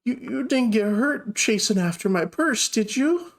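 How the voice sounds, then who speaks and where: A man putting on a sweet little old grandmother from a tabletop fantasy game, cooing and fussing over the young adventurers. Her voice is pitched high and doting, sliding up and down in a warm, motherly way. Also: expressive, unhurried. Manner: coos over everyone.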